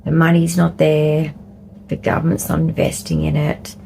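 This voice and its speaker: A middle-aged Australian woman vlogging candidly, rambling and laughing often, sometimes dropping into a soft whisper. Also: low-pitched, flat delivery, normal speed, vocal fry, a little hiss or hum, low-quality recording. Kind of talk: candid personal vlog talk.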